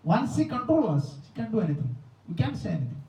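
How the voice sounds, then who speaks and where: A man giving a spiritual talk, telling a story in simple non-native English with lively animation. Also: sits high, quick pace, gravelly. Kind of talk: sermon with storytelling. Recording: roomy, distant, dull lo-fi.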